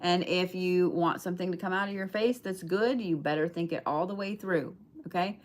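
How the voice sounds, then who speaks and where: Lady doing a live tarot reading, kinda low voice, chatty and emphatic, cusses now and then. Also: steady tone, normal speed. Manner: chatty, emphatic, swears casually, talks to viewers. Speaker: tarot reader.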